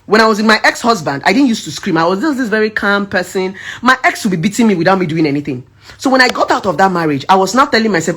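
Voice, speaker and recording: A woman's voice: medium pitch, fast, slightly rough. A woman talking to her followers about her past relationships in a casual, emphatic personal testimony. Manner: animated, emphatic, switches between shouting and soft quoted voices. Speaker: social media advice speaker.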